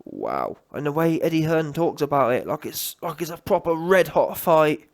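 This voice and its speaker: A man's voice: a little high, normal speed. A man giving a heated, emphatic solo rant as a boxing commentator, often breaking off and restarting his sentences.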